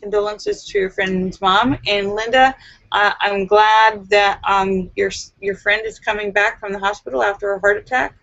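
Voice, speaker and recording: A woman's voice: mid-range voice, steady tone, normal speed, creaky, a bit bright, muffled recording. A woman hosting a casual live stream, reading out viewers' jokes and laughing at them. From United States. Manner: giggly, laughs at her own jokes.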